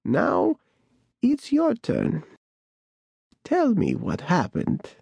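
A man voicing a creaky ancient woman. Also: high-pitched, huge pitch swings, drawn-out words, a little mellow, dry recording, highs cut off, pitched above the performer's own voice, heavily acted. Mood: insistent.

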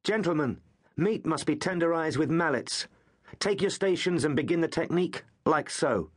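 A man's voice: fairly high pitch, animated, moderate pace, husky, pitched above the performer's own voice. A man doing a gloating teenage bully. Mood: mock-formal. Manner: hard, gloating and mocking. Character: heavy-set cruel teenage bully leader.

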